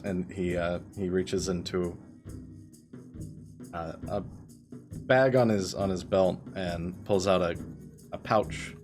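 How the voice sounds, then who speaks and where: Low-voiced game master man, casual and halting, swears a lot, quiet music under him. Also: steady tone. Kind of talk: narrating a tabletop game.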